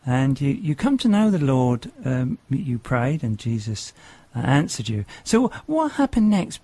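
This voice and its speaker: A man's voice: mid-range voice, big pitch swings, a little slow, dark tone, no echo. A man hosting a radio interview, encouraging his guest and prompting him with questions. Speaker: radio host.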